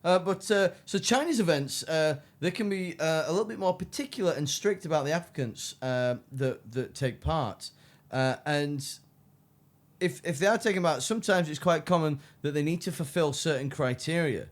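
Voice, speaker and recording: A man's voice: a little high, moderate pace. A man co-hosting a casual podcast, steering to the next topic with a few hesitant "uh"s. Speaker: co-host. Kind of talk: casual chat.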